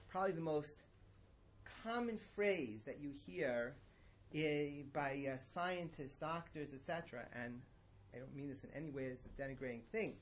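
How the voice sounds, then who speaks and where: A middle-aged man giving a religious lesson in a conversational, digressive and emphatic way. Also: high-pitched. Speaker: religious teacher. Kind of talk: lecture-style lesson.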